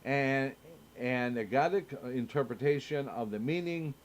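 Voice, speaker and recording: A man teaching a Torah study, slowly reading verses and commentary aloud with frequent pauses and fillers. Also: mid-range voice. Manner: slow, halting reading with many filler sounds. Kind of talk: reading and explaining scripture. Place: synagogue.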